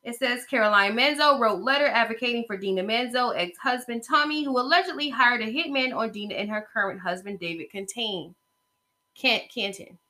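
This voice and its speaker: Bright, sassy woman podcast host. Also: on the high side, fairly quick. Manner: chatty, sassy, talks straight to listeners. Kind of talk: casual gossip commentary.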